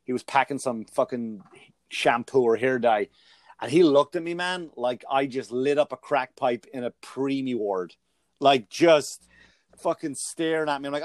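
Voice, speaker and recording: A man's voice: mid-range voice, moderate pace, no room sound. Profane man in casual chat. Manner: profane, animated storytelling. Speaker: podcast host, comedian.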